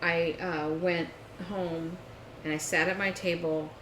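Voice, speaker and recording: A woman on a chat show tells a story with lively energy and plays both sides of a phone call. The room is roomy and echoey, with a faint hiss underneath. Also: lowish voice, takes it slowly. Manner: animated storytelling, acts out phone calls. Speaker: podcast co-host. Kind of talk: casual chat.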